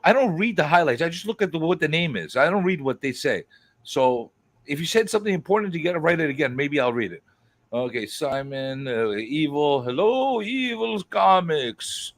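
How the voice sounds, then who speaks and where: Excitable, profane livestream host man. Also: fairly high pitch. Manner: excitable, profane, rapid greetings. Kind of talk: casual livestream chat.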